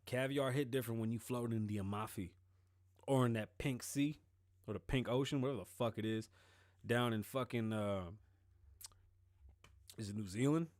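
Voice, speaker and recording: A man's voice: medium pitch, normal speed, pauses often, a little mellow, no room sound. A man hosting his own show in casual solo commentary, rambling and joking with a lot of profanity. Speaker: show host.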